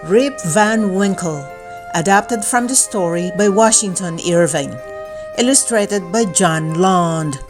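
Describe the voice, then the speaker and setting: Storybook reader, woman, calm deliberate read-aloud at a very unhurried pace. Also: medium pitch. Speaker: children's book reader.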